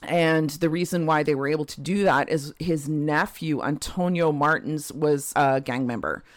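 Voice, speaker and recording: Low-pitched woman chatting through a true crime story, laughs a lot, dry close sound. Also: normal speed, dry recording. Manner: laughs often while telling, chatty asides. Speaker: podcast co-host.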